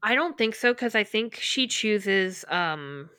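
A woman's voice: medium pitch, lively intonation, slow, pushed and bright, clean tone, no echo, studio quality. A woman co-hosting a book podcast, retelling scenes in casual chat with quoted dialogue and open emotion. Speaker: podcast co-host.

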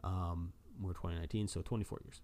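A man's voice: deep voice, fast talker, slight background noise. A man talking casually to camera as an enthusiastic comic fan, rambling with lots of fillers and restarts. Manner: excited fanboy, many fillers and restarts. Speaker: vlogger and comic collector.

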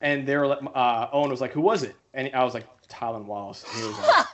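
A young man co-hosts a podcast, casually telling a story and acting out the voices of the people he quotes. His mid-range voice moves fast and animated over heavy background noise.

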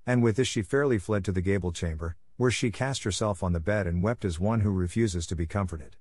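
A man narrating a classic novel in a steady, measured storytelling manner. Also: low voice, no echo.

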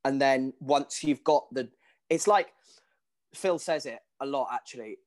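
A man, a stage actor answering audience questions in casual talk, animated and laughing often, speaking in quick bursts with many restarts. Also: mid-range voice.

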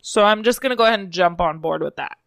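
A young woman co-hosting a podcast, excitable and quick to laugh, swearing freely in casual chat. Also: fairly low pitch, gravelly, no echo, clean studio sound. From American Midwest. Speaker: podcast co-host.

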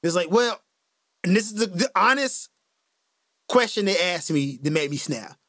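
Podcast host, a man: animated storyteller, bright, lively voice, dry close sound. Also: high-pitched, normal speed, no echo. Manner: animated storyteller, acts out quotes, laughs often. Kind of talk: casual chat. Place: lives in Japan.

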